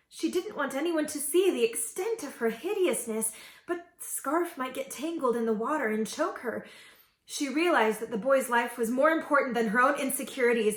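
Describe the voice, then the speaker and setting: Woman reading a fairy tale aloud. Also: sits high. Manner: expressive, gentle storytelling. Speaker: storyteller. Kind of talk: children's story reading. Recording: echoey room.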